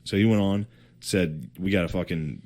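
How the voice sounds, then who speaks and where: A man's voice: low-pitched, normal speed, a little mellow. A man co-hosting a podcast, telling history in a casual, profane, slangy way with joking asides. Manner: profane, slangy storytelling with put-on quotes and laughter. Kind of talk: casual comedic history chat.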